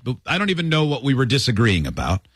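A man in his twenties hosts a talk radio show from a studio, animatedly reading listener stories and telling his own with self-mocking humor. His mid-range voice moves fast, and the recording has no room sound.

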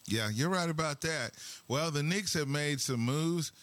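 A relaxed man hosting a sports talk show and moving the discussion along between topics. His voice sits a touch higher than most men's. The sound is dry and close to the mic. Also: measured pace, no echo. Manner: relaxed, steers the conversation.

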